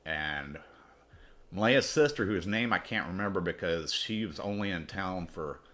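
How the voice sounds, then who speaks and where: A man with a low voice and a bright, forceful edge hosts his own storytelling podcast. He rambles casually through a personal tale, swearing freely and doubling back on himself as he goes. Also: animated, unhurried. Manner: profane, rambling.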